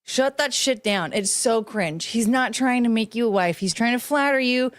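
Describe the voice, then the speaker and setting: A woman's voice: fairly high pitch, normal speed. A young woman hosting her own solo podcast, ranting bluntly and sarcastically, swearing freely and laughing as she goes. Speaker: podcast host. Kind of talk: solo casual chat, ranting to a camera.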